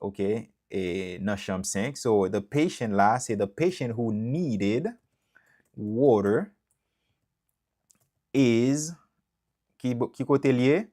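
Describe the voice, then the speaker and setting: Warm and animated, a mid-range male voice with a Haitian accent leads a live online English class. He switches between Creole and English, saying each example sentence again at a slow pace.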